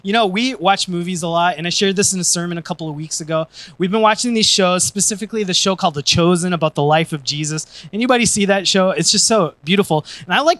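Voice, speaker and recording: A male pastor preaching a sermon in a high, bright voice, close and dry on the mic. He swings from lively joking to earnest, softer stretches. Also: no room sound. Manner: energetic and joking, then earnest and soft. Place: church.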